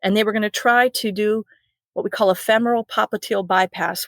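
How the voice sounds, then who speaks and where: A woman who works as a critical care nurse, telling a personal story in an earnest, animated way as a podcast guest. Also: medium pitch, dry recording.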